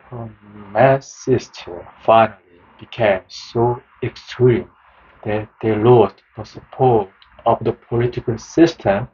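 A man reading a book summary aloud as scripted narration, slow and measured. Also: medium pitch, darkish tone, husky. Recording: dull, lo-fi sound.

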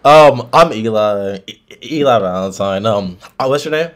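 A man's voice: on the low side, expressive, moderate pace. A man in his twenties casually chatting and teasing strangers on a video chat. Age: 20s. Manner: teasing, joking, mock offended.

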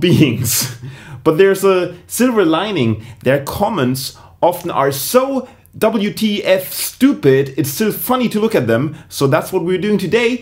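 Man, higher-pitched voice, dry sarcastic comedian vlogging. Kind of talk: comedic vlog to camera.

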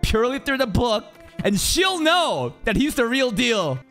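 A man streams his reaction to an anime, swearing freely and breaking into sudden shouts. His pitch leaps and dives constantly as he talks. Faint music from the show plays underneath. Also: sing-song, measured pace. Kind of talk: live anime reaction commentary.

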